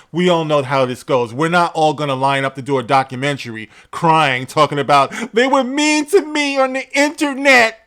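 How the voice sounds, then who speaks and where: A man's voice: on the high side, a bit bright. A man hosting an opinionated commentary video, reading from a news article and answering it in a sarcastic, emphatic way with blunt profanity. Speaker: commentary channel host.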